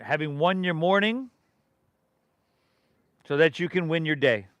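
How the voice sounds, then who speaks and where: A man's voice: fairly high pitch, measured pace, a bit bright, no echo. A middle-aged man from leading a live yoga class, giving rhythmic breath and pose cues with casual, encouraging asides. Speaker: yoga instructor.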